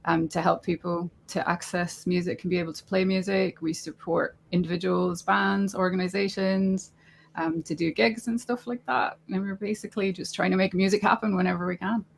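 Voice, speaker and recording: A woman's voice: on the low side, flat delivery, moderate pace, gravelly, a little hiss or hum. A woman from a music charity, talking casually in an interview with lots of fillers. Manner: chatty, loose, with fillers. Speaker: charity representative.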